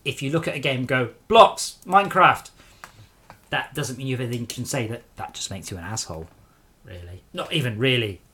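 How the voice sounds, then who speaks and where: A man's voice: medium pitch, quick pace, a bit bright, slightly rough. A man streaming a game live and sarcastically scolding trolls in his chat.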